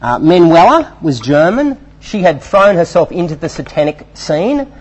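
A man preaching a sermon in an animated, emphatic way, with fillers between his points. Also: fairly high pitch, normal speed, breathy edge.

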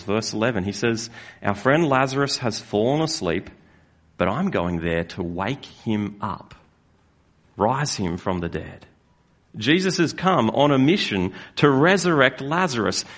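A male pastor delivering a sermon in an earnest, measured voice at a middle pitch. He leans on key phrases, slowing down to press them home. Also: fairly bright tone. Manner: earnest, with slow emphatic stresses.

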